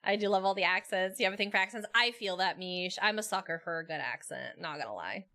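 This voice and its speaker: A woman's voice: medium pitch, brisk, pushed and bright. A woman streamer in casual chat, laughing often and talking freely with viewers and her co-host. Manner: giggly, chatty, laughs often.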